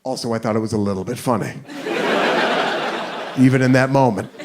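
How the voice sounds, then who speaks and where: A man's voice: medium pitch, a little fast. A man doing stand-up storytelling, self-mocking and acting out the scene. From United States. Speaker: stand-up comedian. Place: theater stage before a live audience. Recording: live show with audience laughter and noise.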